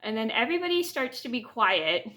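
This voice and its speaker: A woman's voice: a little high, sing-song, fairly quick, sharp tone. A woman vlogger telling a personal story casually to her camera, rambling with restarts and fillers. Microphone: camera mic.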